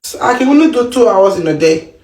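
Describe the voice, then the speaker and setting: A woman from Kenya with an East African accent, telling a comic story to camera in an animated, playful way. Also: mid-range voice, fast, crowd noise. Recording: roomy echo.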